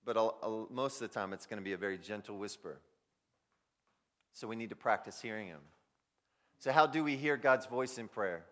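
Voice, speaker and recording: A man preaching a sermon, swinging between loud emphasis and near-whispers as he speaks directly to his listeners. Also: fairly low pitch, moderate pace, long pauses. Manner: addresses listeners directly as "guys". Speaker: pastor.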